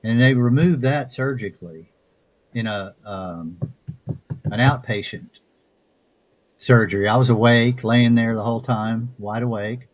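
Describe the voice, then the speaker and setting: A man with a Southern accent, a guest author answering interview questions in a reflective, unhurried way with frequent restarts. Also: medium pitch. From Texas. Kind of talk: casual interview talk.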